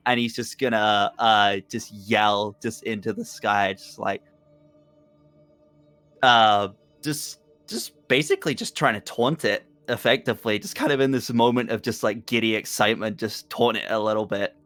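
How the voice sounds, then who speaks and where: A man's voice: lowish voice, normal speed, a bit bright, dry recording, faint music behind. A man playing a tabletop role-playing game, describing his moves in a rambling, casual way. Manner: rambling, many fillers, laughing. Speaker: player.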